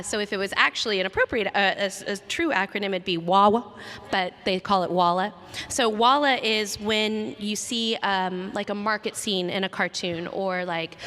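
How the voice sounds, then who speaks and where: A voice actress from Texas, USA, answers fan questions at a convention panel, sounding chatty and giggly in a casual Q&A. Her medium-pitched voice is bright and forceful, and the large convention hall gives the recording lots of reverb.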